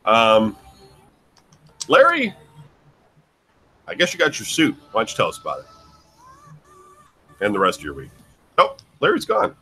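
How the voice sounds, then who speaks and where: A man's voice: fairly low pitch, huge pitch swings, measured pace, long pauses, bright, forceful tone, breathy edge. A man hosting a casual podcast chat, wryly wrapping up his own story and passing the turn to the others. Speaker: podcast host.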